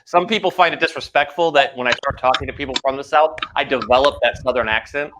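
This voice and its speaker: A man's voice: mid-range voice, quick pace, noisy background. A man hosting a casual online show over a video call. He talks in an easygoing, joking way and rambles a little. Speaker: show host. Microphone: video call microphone.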